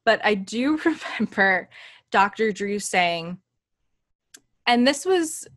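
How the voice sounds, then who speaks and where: A woman's voice: mid-range voice, animated, takes it slowly, a bit bright. A woman hosting a podcast in casual chat, telling anecdotes with emphatic asides and laughter. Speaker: podcast host.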